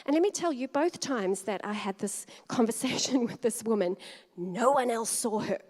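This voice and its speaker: A woman's voice: a little high, lively intonation, moderate pace, a little mellow. A woman pastor from Australia giving a conversational sermon, telling stories with frequent laughs and acted-out dialogue. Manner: chatty, laughs often, acts out quoted dialogue. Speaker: co-lead pastor. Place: church hall. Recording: long hall reverb.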